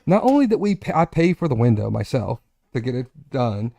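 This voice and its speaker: A man in his forties hosts a relaxed chat show and spins a meandering personal story, stopping to restart and correct himself as he goes. His voice is mellow and dark, and the recording is close and dry, with little sound from the room. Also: mid-range voice, a little fast, vocal fry, no echo. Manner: rambling, self-correcting anecdotes with animated asides. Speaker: podcast host.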